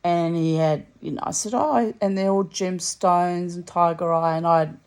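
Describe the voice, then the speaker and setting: A woman's voice: lowish voice, level tone, normal speed, smooth. A tired, unwell woman lying in bed, chatting casually and rambling through a story with many asides. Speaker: vlogger.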